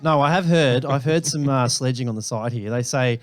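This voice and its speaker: An Australian man co-hosting a podcast, quick with teasing trash talk. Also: fairly high pitch, expressive, no echo, clean studio sound. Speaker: podcast co-host. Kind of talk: casual podcast banter.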